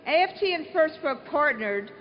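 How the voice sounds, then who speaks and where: A woman giving a prepared conference speech, reading out announcements deliberately. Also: high-pitched, expressive. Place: large conference hall. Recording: reverberant hall, dull lo-fi sound, faint hiss.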